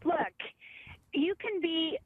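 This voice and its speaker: A woman's voice: extremely high pitch, slow, dry recording. A woman calling in to a talk show, blunt and indignant. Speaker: caller. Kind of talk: call-in comment. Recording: tinny phone line.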